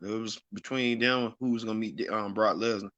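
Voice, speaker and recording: A man's voice: on the low side, fairly even intonation, normal speed, a bit bright, dry recording. Opinionated man recapping wrestling. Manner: rambling, opinionated, frequent restarts. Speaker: host.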